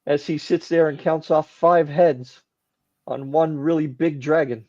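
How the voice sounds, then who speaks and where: Mellow man narrating as game master. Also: on the high side, fairly even intonation, unhurried, no room sound. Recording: dull lo-fi recording.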